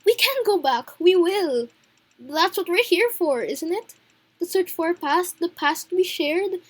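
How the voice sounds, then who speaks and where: An earnest young game heroine, read by a woman, anxious and tender, with a high, light voice. She speaks in a pleading, heartfelt way. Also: lively intonation, measured pace, no room sound. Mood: hopeful.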